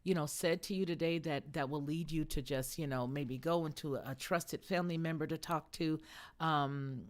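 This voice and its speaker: Woman host, middle-aged, low voice, casual emphatic live-stream talk with viewers. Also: moderate pace. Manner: conversational, emphatic, answers viewer comments.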